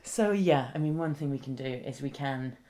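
A woman's voice: rumbling low, moderate pace, dark tone. A woman co-hosting a casual comedy podcast, giggly and playful. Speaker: podcast co-host.

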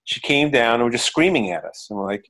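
A middle-aged man, a musician and producer, talking as a guest in a casual interview, halting with many fillers. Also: medium pitch, expressive, a bit bright.

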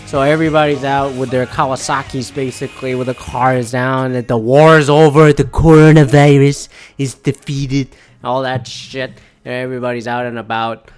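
A man's voice: medium pitch, fairly even intonation, normal speed, clean tone, soft background music. A man hosting his own show alone from home, talking in a loose, rambling and heavily profane way. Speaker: podcast host. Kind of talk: casual solo monologue. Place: at home indoors.

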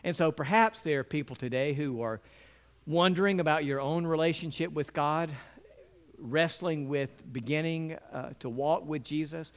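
A middle-aged male pastor preaches at a moderate pace, earnest in tone. He slips into biblical characters with lively pitch at times and drops low and soft when he wants emphasis.

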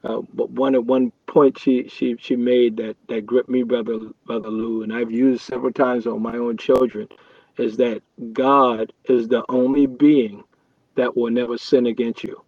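A man's voice: medium pitch, level tone, normal speed, no room sound. Guy on a faith podcast, earnest and thoughtful, keeps restarting, dry muffled mic. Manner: earnest, reflective, many restarts. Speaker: podcast co-host. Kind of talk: casual faith podcast chat.

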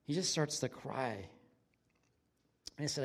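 A man preaching a conversational sermon in an earnest, plain-spoken way, his voice dropping from lively emphasis to hushed, intimate tones. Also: a little high, a little slow. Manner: earnest, swings from loud excitement to near-whisper intimacy. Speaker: pastor.

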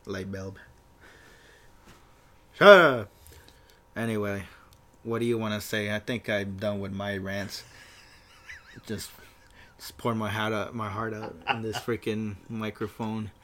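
A man from the United States co-hosting a casual podcast, talking about work with halting restarts. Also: lowish voice, little pitch movement, fairly bright tone, slight background noise. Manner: hesitant, halting ranting. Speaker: podcast co-host. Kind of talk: casual chat.

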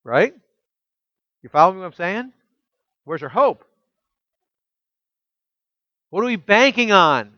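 A man preaching a sermon as pastor, emphatic and full of rhetorical questions, dropping soft and low when quoting scripture. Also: big pitch swings, slow pace, pauses often, no room sound, dull audio.

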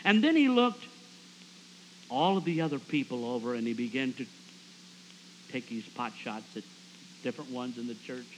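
A man's voice: mid-range voice, moderate pace, pauses often, a little hiss or hum, poor audio. A man preaching a storytelling sermon at a camp meeting, acting out the people he quotes. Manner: animated, acts out quoted voices.

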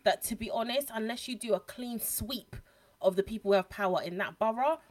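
A woman, co-hosting a podcast, blunt and animated in casual chat. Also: fairly high pitch, a little fast. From London. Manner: blunt, animated, swears freely. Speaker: podcast co-host.

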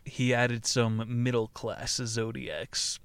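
A man hosting a podcast, reading a book aloud in a deadpan way and breaking off into laughing, profane asides. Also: medium pitch, slow, smooth, no echo. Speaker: podcast host.

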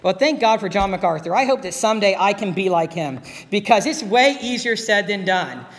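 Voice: medium pitch, animated, a little fast. A pastor preaching a sermon in an earnest, conversational way, repeating key phrases. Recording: long reverb of a hall.

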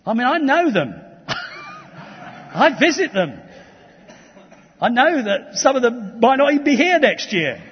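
A man's voice: very high voice, huge pitch swings, slow pace, long pauses, husky, big-room sound, lo-fi sound. A man from England preaching a sermon, earnest and emphatic, with restarts and asides. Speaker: pastor. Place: church hall.

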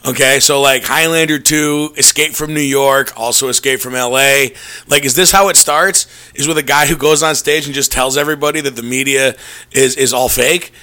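A man's voice: medium pitch, steady tone, moderate pace, pushed and bright. A man hosting a casual podcast, rambling sarcastically with laughing asides. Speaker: podcast host.

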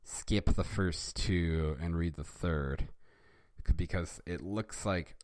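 A man's voice: deep voice, darkish tone, no echo, clean studio sound. A man hosting a casual reading of a fan story, making wry, amused asides as he goes. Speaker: reader and host.

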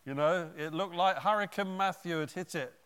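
A man preaching a sermon, retelling a Bible story in an animated way with conversational asides. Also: high-pitched, normal speed, smooth, long reverb tail.

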